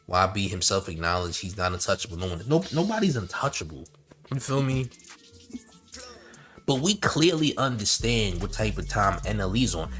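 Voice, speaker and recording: A commentary host with a lowish, bright-toned voice riffs animatedly on a livestream, loosely mocking and reading out chat comments. Faint music plays beneath his talk.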